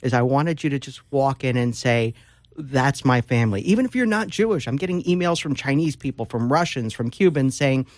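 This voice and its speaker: A man at a middle pitch, talking as a guest author in a casual interview. He tells stories with animation and a lot of fillers. The room is dry and close. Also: animated, a little fast, few pauses, darkish tone, dry recording.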